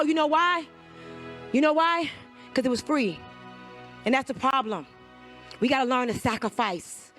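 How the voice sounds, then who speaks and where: A woman's voice: high-pitched, a bit bright. A woman motivational speaker on stage at a live event, preaching with repeated call-and-response commands.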